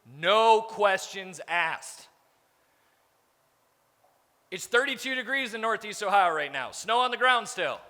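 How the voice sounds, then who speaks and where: A man's voice: sits high, big pitch swings, a little fast, hardly any pauses, sharp tone. A man in his thirties giving a blunt, profane motivational keynote on stage, acting out quoted conversations as he goes. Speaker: business speaker on stage. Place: large conference hall. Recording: reverberant hall, stage mic.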